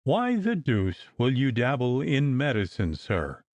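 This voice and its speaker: A man's voice: medium pitch, huge pitch swings, unhurried, a little mellow, dry recording. Man voicing a sneering, scornful old-school doctor. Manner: scornful, biting, emphatic. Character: irritable sneering male doctor, middle-aged.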